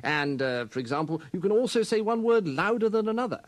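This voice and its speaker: A man's voice: high-pitched, very animated, a little fast. A man playing a pompous, rambling veteran stage actor in a comedy sketch, with a plummy voice. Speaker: interviewee.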